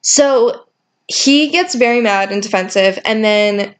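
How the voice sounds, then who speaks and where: A woman's voice: medium pitch, a little slow. A young woman co-hosting a podcast, casually retelling a work story and acting out the dialogue. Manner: animated retelling, acts out dialogue. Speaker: podcast co-host.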